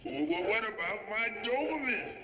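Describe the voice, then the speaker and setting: A gruff, hot-tempered cop, blunt and quick to bark. His voice sits fairly high, and its pitch swings widely, over clear background noise. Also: sing-song. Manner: blunt, barking. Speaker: police officer. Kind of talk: television drama acting.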